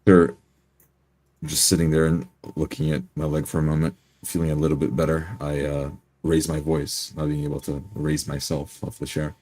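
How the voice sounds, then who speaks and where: Very deep, dark-voiced male player. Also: flat delivery. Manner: measured, hesitant. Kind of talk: tabletop role-play.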